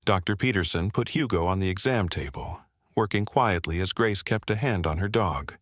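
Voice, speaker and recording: A man narrating a scripted story in a measured, even way. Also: low-pitched, dry recording. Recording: dry close-miked voice-over.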